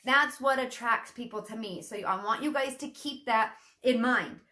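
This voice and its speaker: A woman's voice: fairly high pitch, normal speed, bright, forceful tone. A woman coaching her sales team in a casual, chatty teaching talk, acting out sample messages in a perkier voice. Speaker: network marketing team coach.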